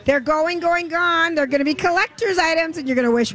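A woman's voice: extremely high pitch, fairly quick, fairly bright tone, poor audio. A woman co-hosting a radio show, chatting casually and teasing her co-host. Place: fair broadcast booth.

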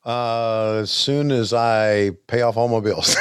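A man's voice: mid-range voice, steady tone, very noisy. An older man hosting a podcast, chatting casually and stammering over old wrestling footage. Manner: halting, stammering, chuckles often. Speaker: podcast host.

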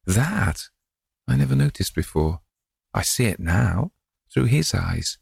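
A man with a low, creaky voice playing a dreamy, tender old gentleman who muses aloud. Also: very animated, slow pace, dry recording, clean studio sound, full character voice. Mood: musing. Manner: wistful, musing aloud.

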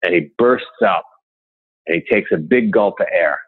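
A man's voice: normal speed, breathy edge. A man telling motivational stories in a guest interview, acting out the people he quotes. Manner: animated, acts out quotes in raised pitch. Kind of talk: motivational storytelling. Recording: tinny phone-like line.

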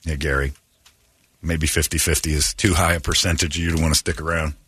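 A man's voice: very deep voice, flat delivery, a little fast, fairly bright tone, husky, dry recording, studio quality. A man hosting morning radio, joking animatedly and mimicking callers in put-on voices. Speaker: radio show host.

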